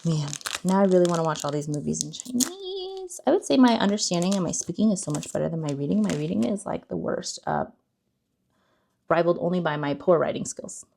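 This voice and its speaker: A woman's voice: lowish voice, sing-song, fairly quick, creaky, warm tone, a little hiss or hum. A young woman hosting a casual card-opening vlog, chatty and self-deprecating, often unsure of words. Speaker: card-opening channel host.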